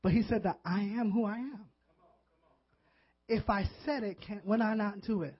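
A man, a pastor, preaching a sermon with earnest, animated delivery that builds into fervent emotion. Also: high-pitched, normal speed, husky. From Puerto Rican background. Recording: dull lo-fi audio.

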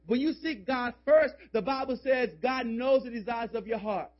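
High-voiced pastor preaching emphatically. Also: male voice, moderate pace, few pauses. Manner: emphatic, call-and-response urging; casual, joking asides. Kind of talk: sermon. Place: church. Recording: dull lo-fi sermon audio.

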